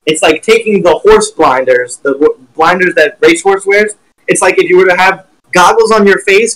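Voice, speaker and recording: A man teaching trading on a live stream with blunt, profane, animated talk while sharing his screen. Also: high voice, low-quality recording.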